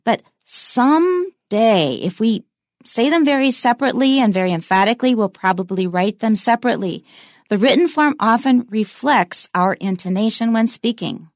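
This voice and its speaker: A woman teaching English pronunciation, saying example sentences slowly and with emphasis. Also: fairly high pitch, no room sound, clean studio sound. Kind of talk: bilingual English lesson.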